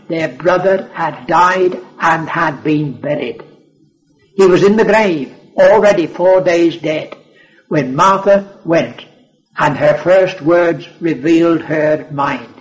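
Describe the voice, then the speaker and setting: Preacher, male, high voice, earnest and emphatic, repeats key phrases. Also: slow, low-quality recording. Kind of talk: sermon.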